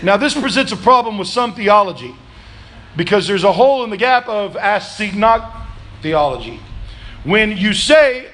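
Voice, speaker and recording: A man pastor preaching a sermon in a church, calling for answers from the congregation, swinging between loud, shouted pleas and low, quiet reflection. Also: expressive, a little slow. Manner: preaching with call-and-response, rising to shouts then dropping low. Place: church sanctuary.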